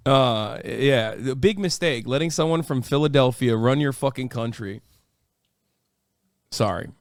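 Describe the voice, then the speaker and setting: A man's voice: mid-range voice, slow pace, long pauses, dry recording, clean studio sound. A man hosting a livestream, reacting in casual, profane and incredulous commentary. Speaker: livestream host.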